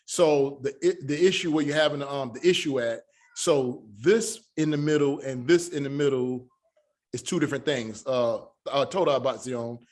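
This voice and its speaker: A man teaching an online Hebrew class. He talks haltingly, with many fillers, and spells sounds out slowly. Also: medium pitch, a little mellow.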